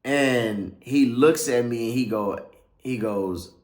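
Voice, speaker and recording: Taking his time, a pastor shares his life story loosely and with plenty of slang, repeatedly checking in with "right?" and drifting off with "or whatever like that." His medium-pitched voice is a little mellow, and the room is echoey.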